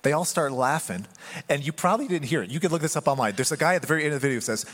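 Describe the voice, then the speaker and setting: A man giving a sermon as pastor, talking in a conversational, animated way. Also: on the high side, rapid-fire, long reverb tail.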